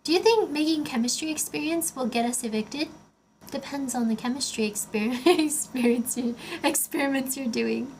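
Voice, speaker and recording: Chatty high-voiced young woman streamer. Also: normal speed, darkish tone, slight background noise. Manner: rambling, chatty, heavy on filler words. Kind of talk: casual livestream chat.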